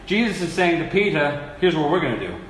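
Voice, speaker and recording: A man preaching a sermon, earnest and animated, acting out the people he quotes. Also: on the high side, fairly quick. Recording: echoey hall with faint ambience.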